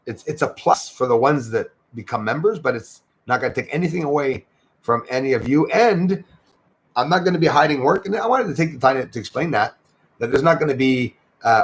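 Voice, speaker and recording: Guy chatting on his livestream, kinda gravelly, throws in eh a lot. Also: medium pitch, lively intonation, fairly quick. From Canada. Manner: chatty, greets viewers by name, says "eh" a lot. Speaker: livestream host. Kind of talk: casual livestream chat.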